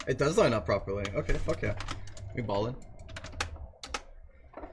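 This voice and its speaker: A man's voice: medium pitch, expressive, moderate pace, slight background noise. A man streaming from his home, chatting casually with viewers in a playful, teasing, mock-defensive way. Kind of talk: casual livestream chat. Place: home room on a noisy street.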